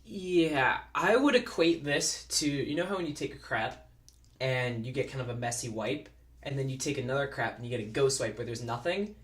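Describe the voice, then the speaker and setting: A man's voice: medium pitch, lively intonation, moderate pace, a bit bright, roomy sound. A man chatting casually as a movie reviewer, jokey and rambling.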